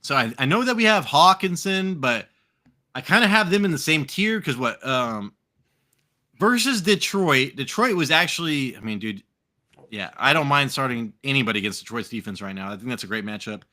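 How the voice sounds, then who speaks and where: A man's voice: mid-range voice, normal speed. An American man co-hosting a live fantasy football show, rambling and swearing casually while drinking. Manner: profane, rambling, animated. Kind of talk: casual live podcast chat.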